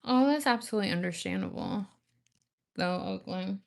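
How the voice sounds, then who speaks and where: A woman's voice: medium pitch, wildly swooping pitch, normal speed, vocal fry. A woman chatting casually with viewers on a livestream, rambling and laughing often. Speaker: nail art livestream host.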